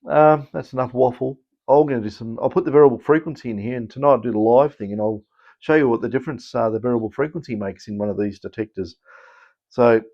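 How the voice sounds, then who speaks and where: A man's voice: medium pitch, dull audio. An Australian man explaining electronics repairs in a casual, rambling way, with many fillers and restarts. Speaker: electronics technician and channel host.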